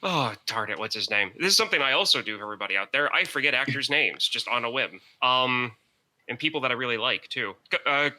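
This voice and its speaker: A man chatting casually on a podcast, rambling along and stalling while he searches for words. His voice is strikingly bright and sharp. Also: medium pitch, animated, fast talker. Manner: rambling, hesitant, hunting for words. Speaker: podcast co-host. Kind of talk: casual chat.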